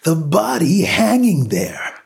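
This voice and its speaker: A man voicing a frantic shouting shopkeeper. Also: animated, a little slow, creaky, husky, soft background music, full character voice. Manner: high, strained shouting. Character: frantic terrified male shopkeeper.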